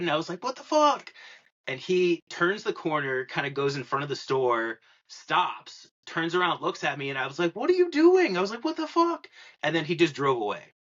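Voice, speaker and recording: A man's voice: medium pitch, sharp tone, lo-fi sound. A young man telling a long story in a rambling podcast chat, full of "like" and filler words. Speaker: podcast guest.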